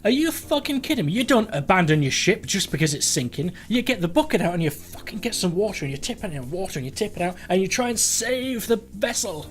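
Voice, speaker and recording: Eager woman campaign manager, a man reading her, blunt, a little high. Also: sing-song, fast, hardly any pauses. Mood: determined.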